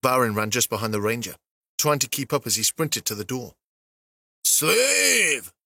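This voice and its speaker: A man narrating a fantasy story as an audiobook, steady and even. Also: medium pitch, fairly quick, no room sound, clean studio sound.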